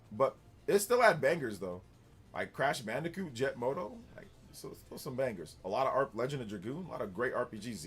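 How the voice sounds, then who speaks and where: A man hosting a live gaming stream, chatting casually and rambling as he answers viewers, with frequent laughs. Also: medium pitch. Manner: relaxed, rambling, answers chat and laughs often. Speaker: gaming livestream host.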